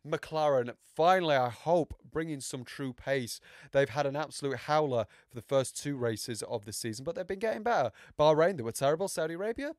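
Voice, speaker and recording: A man's voice: mid-range voice, expressive, normal speed, no echo, studio quality. A young man hosting a casual podcast, rambling and self-mocking, with many fillers and restarts. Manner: puts on mock accents. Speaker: podcast host. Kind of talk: casual motorsport podcast chat.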